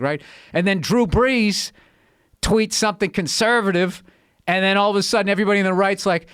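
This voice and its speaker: A man who is a guest comedian, ranting in casual podcast chat, animated and profane, and slipping into mocking voices. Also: sits high, fast talker, clear, resonant tone, no room sound, studio quality.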